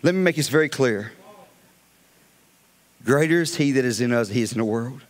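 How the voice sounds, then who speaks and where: A man preaching a fiery sermon as pastor, swinging between loud calls and hushed asides. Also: mid-range voice, brisk.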